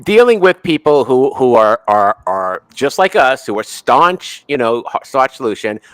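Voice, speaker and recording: Animated middle-aged man, dry close sound. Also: mid-range voice, normal speed, clear, resonant tone, no echo. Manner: animated, ends many remarks with "right?". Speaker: co-host guest. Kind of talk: casual conversation.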